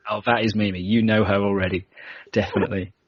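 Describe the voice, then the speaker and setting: A man's voice: lowish voice, level tone, quick pace, no room sound, highs cut off. A British man hosting a podcast in casual chat, chatty and self-deprecating, laughing easily. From Britain. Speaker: podcast host.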